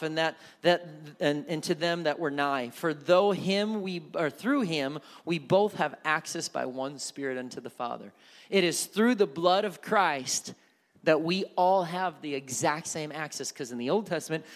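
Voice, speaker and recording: High-pitched preacher man, gets real fired up and loud, repeats himself a lot. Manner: builds from soft near-whisper to shouted fervor; repeats words, earnest and emphatic. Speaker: pastor. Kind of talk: sermon.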